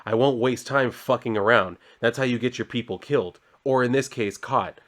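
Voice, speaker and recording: A man reading as a calm, ruthless male assassin. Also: mid-range voice, moderate pace, natural voice. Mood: cold.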